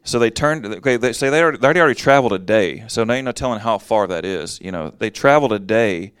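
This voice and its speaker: A man's voice: fairly low pitch, lively intonation, fast, clear, resonant tone, no echo, studio quality. A man giving a casual Bible teaching, reading verses aloud and then explaining them in plain, conversational talk.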